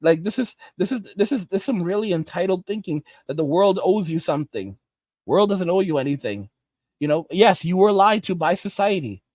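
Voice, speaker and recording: A man's voice: high-pitched, lively intonation, a little fast, darkish tone, no echo. A man hosting a commentary channel, ranting in an exasperated, lecturing way with frequent restarts.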